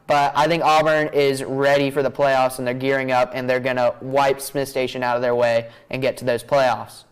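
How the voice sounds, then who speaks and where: A young man hosting a high school football picks show in a chatty way, saying y'all and laughing easily. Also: level tone, normal speed, smooth, low-quality recording. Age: young adult. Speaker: student broadcast host.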